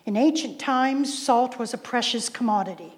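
In a reverberant hall, a woman preacher whose voice sits on the high side speaks at a moderate pace. Her sermon is emphatic, returning to key phrases and putting questions to the congregation.

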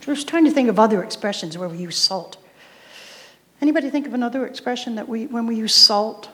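A woman's voice: on the high side, brisk, a bit bright. A woman preacher giving a sermon, emphatic, repeating key phrases and putting questions to the congregation. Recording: reverberant hall sound.

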